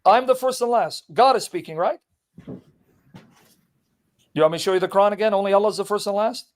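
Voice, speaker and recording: A man with a notably high-pitched voice argues his point with relentless insistence. He reads scripture verses aloud with heavy emphasis, then turns them back on the other person as pointed challenges. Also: a little fast. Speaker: Christian apologist debating a Muslim. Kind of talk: street debate, reading scripture aloud.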